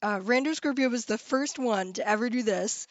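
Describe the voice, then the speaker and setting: A woman's voice: on the high side, normal speed, dry recording, lo-fi sound. A woman hosting a live stream, chatting casually and giggling as she reads viewers' comments.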